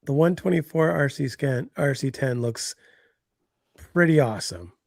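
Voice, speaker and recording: A man's voice: medium pitch, normal speed, vocal fry, darkish tone, no echo. Co-host, male, chatty and trailing, mid-range voice, dry close mic. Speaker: co-host of a hobby talk stream. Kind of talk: casual chat.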